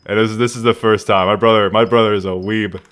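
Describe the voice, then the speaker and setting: A man's voice: fairly low pitch, steady tone, a little fast, a bit bright, smooth. Rambling male game streamer chatting with viewers. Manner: rambling, answers chat questions aloud. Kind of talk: casual live game stream chat. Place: his room at home.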